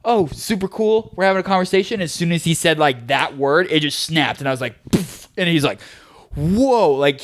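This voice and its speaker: A young man co-hosting a podcast, telling stories in a loose, animated way, leaning on "like" and "dude" as fillers. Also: medium pitch, no echo, clean studio sound. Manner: animated storyteller, heavy filler use of "like" and "dude". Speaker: podcast co-host. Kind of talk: casual chat.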